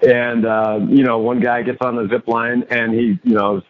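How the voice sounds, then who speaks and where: A man's voice: medium pitch, level tone, moderate pace, dull audio. A man telling a story on an interview show and acting out his own lines, a coach and author as guest.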